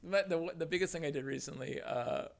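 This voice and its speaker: A man as a podcast guest, telling funny stories in casual chat, animated and often laughing. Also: on the high side, fairly quick, gravelly. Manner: animated storytelling with laughs and swearing.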